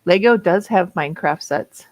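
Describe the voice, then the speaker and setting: A woman's voice: fairly low pitch, moderate pace, a little mellow, no echo, low-quality recording. A woman in her fifties with a Minnesota accent, chatting casually and laughing often while hosting writing sprints. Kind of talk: casual livestream chat.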